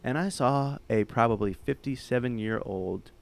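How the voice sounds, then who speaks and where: A man co-hosting a casual podcast, telling absurd jokes in a deadpan way. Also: medium pitch, normal speed, creaky. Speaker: podcast co-host. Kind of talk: casual chat.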